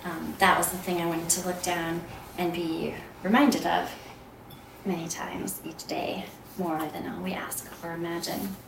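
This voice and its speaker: A woman sharing a personal story of faith in an unhurried, soft voice that often trails into a whisper. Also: fairly low pitch, flat delivery, gravelly. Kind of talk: personal testimony talk. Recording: echoey room, voice from far off, background noise.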